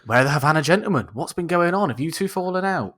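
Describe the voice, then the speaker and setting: A slightly high, fairly bright voice comes from a young man talking quickly and animatedly. He's a co-host on a casual podcast recorded over video call, trading jokes and banter and laughing often.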